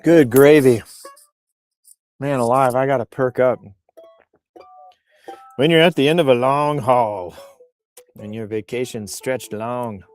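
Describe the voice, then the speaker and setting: A man's voice: medium pitch, a little slow, pauses often, faint music behind. Playful man riffing on a livestream. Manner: playful, riffing and joking while reading comments aloud. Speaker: livestream host reading posts. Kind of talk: casual live-stream chat. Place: outdoors on a bluff.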